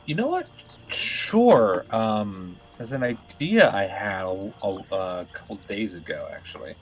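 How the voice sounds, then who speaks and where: A man from Canada playing a tabletop game, rambling and halting, with casual swearing. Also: fairly low pitch, sing-song, rough recording. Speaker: player.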